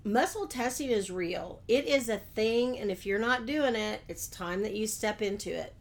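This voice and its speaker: A woman's voice: medium pitch, expressive, normal speed. Woman hosting a chatty solo podcast. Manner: friendly, conversational, rhetorical questions. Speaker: podcast host. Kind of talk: solo business podcast talk.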